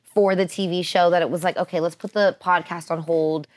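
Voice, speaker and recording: A young woman chatting casually as a podcast guest, bubbly and quick to laugh as she tells stories. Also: fairly low pitch, steady tone. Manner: bubbly, laughs often while telling stories. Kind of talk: casual chat.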